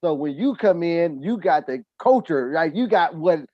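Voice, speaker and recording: A man's voice: a little high, expressive, moderate pace, no echo, muffled recording. A man hosting a podcast, telling sports stories in loose, profane casual chat full of restarts and asides. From United States. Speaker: podcast host.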